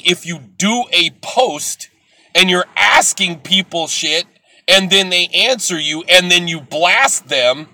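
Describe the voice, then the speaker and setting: Husky, bright-voiced man ranting. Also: high voice, animated, a little slow. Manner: blunt, profane and preachy, swinging from loud to soft. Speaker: livestream host. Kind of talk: ranting live video talk to viewers.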